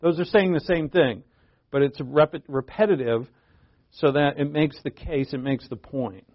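Casting: male preacher, fifties, slightly high voice, chatty rhetorical delivery, muffled lo-fi sound. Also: measured pace. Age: 50s. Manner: conversational, rhetorical questions, frequent restarts. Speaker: pastor. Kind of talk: sermon, Bible teaching. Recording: dull lo-fi recording.

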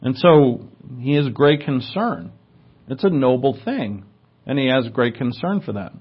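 A male preacher teaches in an easy, conversational way, wandering into asides and using filler words. His voice sits at an ordinary middle pitch. The recording sounds a little muffled and lo-fi. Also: expressive, unhurried, slightly rough. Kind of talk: sermon teaching.

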